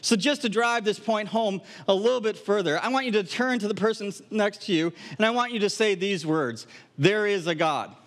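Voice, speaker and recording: A middle-aged man from Wisconsin preaching a sermon in an animated, humorous way, with acted asides. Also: sits high, brisk, few pauses. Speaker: pastor. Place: camp gathering hall.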